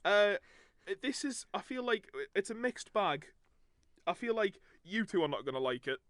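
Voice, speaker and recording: A man's voice: high-pitched, big pitch swings, normal speed, a bit bright, dry recording. A man co-hosting a podcast in casual chat, announcing the news in a teasing, playful way. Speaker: podcast co-host reading the news.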